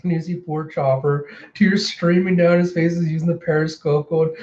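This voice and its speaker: A man recapping a manga chapter for his channel, animated, jumping into character voices as he reads the lines out. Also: fairly high pitch, normal speed, hardly any pauses, dull audio. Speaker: manga reaction host. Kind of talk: casual manga reaction, acting out lines.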